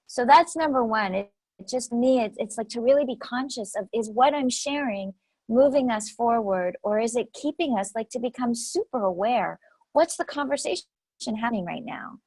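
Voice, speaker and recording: A woman's voice: fairly high pitch, expressive, normal speed, a little mellow, slightly rough, no echo, poor audio. A woman speaking as an interview guest, telling stories animatedly and repeating phrases for emphasis. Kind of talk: conversational interview storytelling.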